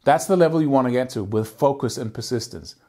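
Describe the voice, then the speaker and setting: A man's voice: mid-range voice, fast talker, darkish tone. A man teaching guitar picking in a video lesson, talking energetically and emphatically and singing out rhythms with syllables.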